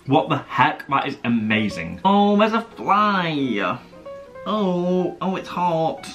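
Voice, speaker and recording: A young man chats playfully to the camera as he cooks at home, his voice high and bouncing all over the place. He sounds set back from the mic in a roomy kitchen, with clear music playing behind him. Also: very animated, slow pace, a bit bright, recorded from a distance. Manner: chatty, playful, talks to the camera while cooking. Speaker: vlogger. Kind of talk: casual food vlog chat.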